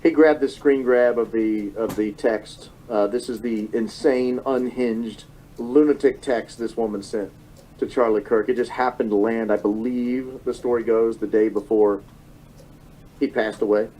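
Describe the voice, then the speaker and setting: A man's voice: mid-range voice, fairly even intonation, measured pace, mellow, slight background noise, poor audio. A man in his thirties giving an emotional political monologue, often repeating phrases and correcting himself. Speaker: political commentator. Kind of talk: monologue commentary.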